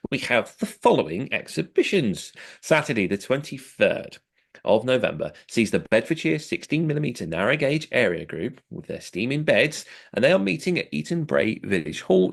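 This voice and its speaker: A British man co-hosting a podcast, reading event listings in a relaxed, chatty way with lots of fillers and self-deprecating laughs. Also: mid-range voice, gravelly. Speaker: podcast co-host.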